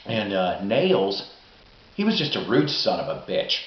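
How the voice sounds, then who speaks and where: A middle-aged man telling rambling, profane, excitable stories in a casual vlog monologue. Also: fairly low pitch, a little slow. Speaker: vlogger. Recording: roomy, dull lo-fi recording.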